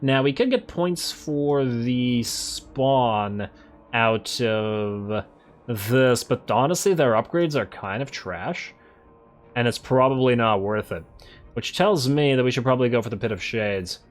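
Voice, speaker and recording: Man musing aloud over a strategy game. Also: medium pitch. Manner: thinks aloud, musing and self-correcting; excitable, quick to laugh. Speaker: let's play host. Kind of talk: casual gameplay commentary.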